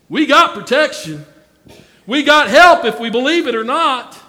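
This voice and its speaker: A man's voice: extremely high pitch, animated, measured pace, bright, forceful tone, big-room sound. A man preaching a sermon in a folksy way, calling out to members of the congregation by name.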